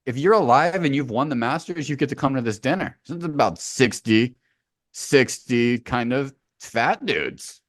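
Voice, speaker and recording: A man's voice: medium pitch, lively intonation, normal speed, no room sound, clean studio sound. A man co-hosting a podcast, rambling and joking in casual sports banter, swearing freely. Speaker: podcast co-host. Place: remote Hawaii.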